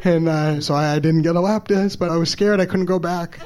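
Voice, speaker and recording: A man telling a personal story, halting and stammering, openly emotional and self-deprecating. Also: on the high side, steady tone, a little mellow. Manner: halting, stammers and repeats words. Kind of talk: personal story told live.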